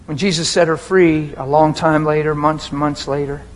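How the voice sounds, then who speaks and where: A man's voice: on the high side, level tone, moderate pace, low-quality recording. A man, a pastor, preaching a personal and emotional sermon in a conversational way, often talking straight to the crowd.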